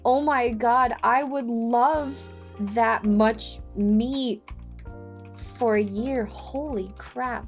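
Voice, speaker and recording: A woman's voice: on the high side, fairly even intonation, drawn-out words, soft background music. A young woman streaming live, chatting with her chat while working on a song and trying out lines by singing them.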